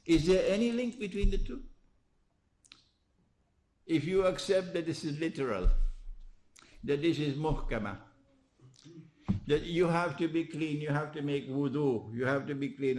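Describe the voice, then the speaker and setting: A man giving a religious lecture, asking rhetorical questions, often tagging on "huh?" and chuckling at his own points, swinging between emphatic rises and low quiet stretches. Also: moderate pace, long pauses, slight background noise. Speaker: Islamic lecturer.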